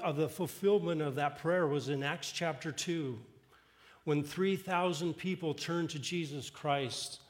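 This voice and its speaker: A man preaching a sermon, retelling a story in earnest, his voice swelling with emphasis and dropping low and hushed for quoted words. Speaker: pastor.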